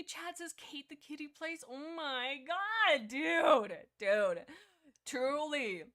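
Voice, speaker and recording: Woman yapping on her livestream, excitable, rambly, keeps restarting her sentences. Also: sits high, slow pace. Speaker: livestream host. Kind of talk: casual livestream chat.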